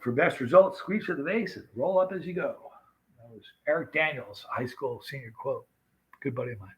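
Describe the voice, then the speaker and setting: A man's voice: medium pitch, brisk, husky, poor audio. A man in his fifties casually chatting on a livestream, greeting viewers by name and telling stories. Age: 50s. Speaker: livestream host.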